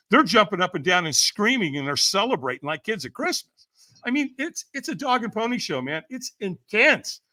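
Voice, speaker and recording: Guest role: man, lively storyteller, bright tense tone, pitch jumping all over. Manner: lively, acts out quoted voices, laughs often. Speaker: podcast guest, firewalk trainer. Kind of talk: animated storytelling.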